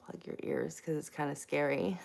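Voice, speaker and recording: Woman host, casual live chat, deep with some fry, lively and giggly, greets viewers by name. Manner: self-mocking and giggly.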